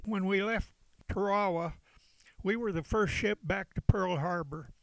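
An older man, a veteran, recalling events in a halting storytelling way with chuckles. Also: sits high, creaky, a bit bright, no room sound, poor audio. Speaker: veteran interviewee. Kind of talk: oral history recollection.

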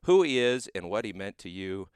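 A man's voice: on the low side, sing-song, moderate pace, clear, resonant tone, no room sound, studio quality. A man hosting a radio interview show, presenting in an earnest, folksy, upbeat way.

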